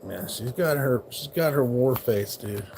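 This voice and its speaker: Guy with a gravelly voice hosting a casual stream, cussing a lot, joking with his dog. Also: medium pitch, measured pace, darkish tone, a little hiss or hum. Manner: profane, rambling, teasing his dog. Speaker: livestream host. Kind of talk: casual live-stream chat.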